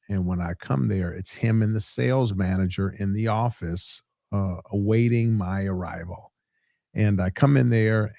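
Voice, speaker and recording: A man's voice: lowish voice, creaky, warm tone, dry recording, studio quality. A middle-aged man, a pastor hosting a podcast, telling a story in a casual way and repeating points for emphasis. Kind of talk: casual preaching podcast talk.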